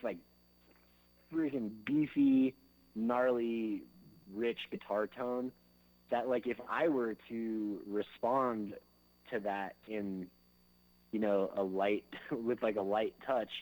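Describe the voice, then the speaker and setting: A man's voice: mid-range voice, darkish tone, low-quality recording. A man, a drummer being interviewed, talking in a loose, rambling way full of fillers, sometimes singing drum beats with his mouth. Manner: loose and rambling, fills with "like" and "you know". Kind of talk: casual interview chat.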